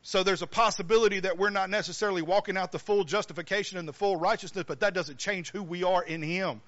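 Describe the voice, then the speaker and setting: A preacher with a high, ringing voice, preaching emphatically and throwing questions to his congregation. The recording sounds a little muffled and dull. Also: steady tone, quick pace, fairly bright tone. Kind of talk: sermon.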